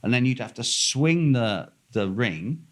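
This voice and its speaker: A man's voice: medium pitch, lively intonation, a little slow. Rambling, swearing man telling a story. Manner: rambling, profane, many fillers and restarts. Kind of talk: casual anecdote telling.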